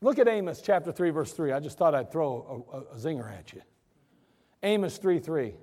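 A man's voice: a little high, expressive, moderate pace, dark tone, big-room sound. A male pastor preaching a sermon in an emphatic, conversational way, acting out his listeners' objections. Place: church.

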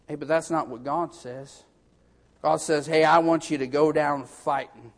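A man's voice: fairly high pitch, fairly even intonation, unhurried. A man preaching a sermon with fervor. He punctuates nearly every line with "hey" and builds into urgent exhortations. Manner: fervent, punctuates lines with repeated "hey".

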